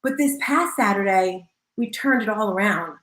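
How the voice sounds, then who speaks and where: A woman hosting a live audio room, talking in an energetic, bubbly, animated way. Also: mid-range voice, moderate pace, reverberant, rough recording. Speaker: host.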